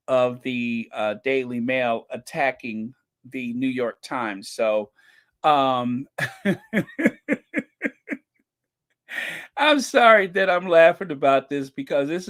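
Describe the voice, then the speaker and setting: A man hosting his own online channel, chatting casually, reading viewer comments aloud and laughing often as he talks. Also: medium pitch. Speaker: channel host.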